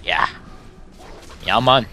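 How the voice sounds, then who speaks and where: A man in casual gaming chat with a friend, excitable and teasing, slipping into goofy voices. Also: very slow. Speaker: gamer, friend of the host.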